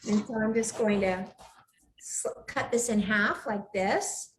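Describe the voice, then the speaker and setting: A woman's voice: medium pitch, slow pace, a little hiss or hum. A woman hosting a live cooking show from her home kitchen, chatting with enthusiasm and gushing over the food. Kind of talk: live cooking demo chat. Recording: echoey room.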